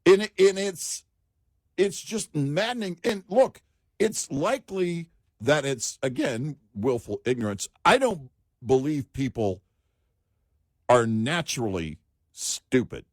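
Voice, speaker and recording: A male talk radio co-host whose pitch swings up and down as he gives his opinions with force. He leans hard on his points and slips in jokes. The studio sound is dry and close. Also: very animated, takes it slowly, no room sound. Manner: opinionated, emphatic, joking.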